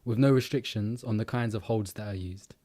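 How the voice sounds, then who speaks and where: A man's voice: on the low side, fairly quick, mellow. A man co-hosting a casual reaction chat, chatty, laughing often and reading definitions aloud. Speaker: co-host.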